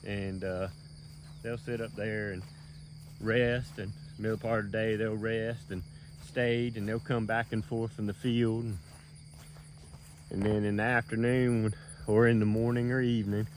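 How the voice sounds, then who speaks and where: A man's voice: on the low side, flat delivery, unhurried, a little hiss or hum. A middle-aged man, narrating a casual walking vlog outdoors in a rural field, folksy and rambling, a little out of breath, recorded on a handheld camera. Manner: folksy, rambling, many fillers. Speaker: land manager filming his dove field. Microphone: handheld camera while walking.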